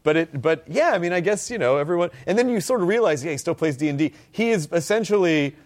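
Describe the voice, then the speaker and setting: Animated, laughing podcast man. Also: fairly high pitch, fast. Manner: animated, laughs often, restarts sentences. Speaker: podcast co-host. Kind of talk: casual podcast chat.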